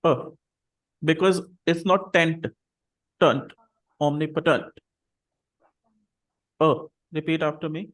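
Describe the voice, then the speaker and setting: A man teaching an English class over a video call, patiently saying words slowly and repeating them for students to copy. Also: fairly high pitch, steady tone, a bit bright.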